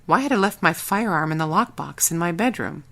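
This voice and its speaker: A woman narrates a first-person audiobook with a wry, brisk inner voice. Her tone sits a touch low, and she moves steadily through the scene. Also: expressive, gravelly, a bit bright.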